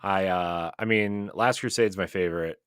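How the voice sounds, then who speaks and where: A man's voice: deep voice, fairly even intonation, moderate pace, fairly bright tone, smooth, no echo, clean studio sound. A man co-hosting a casual podcast chat, talking enthusiastically and rambling with many fillers and restarts. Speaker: podcast co-host.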